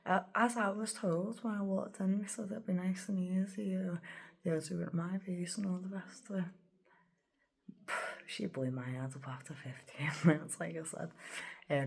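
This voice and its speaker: Low husky-voiced woman with a gravelly edge. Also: a little mellow. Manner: rambling, emotional, often drops to a whisper. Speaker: vlogger. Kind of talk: personal storytelling vlog.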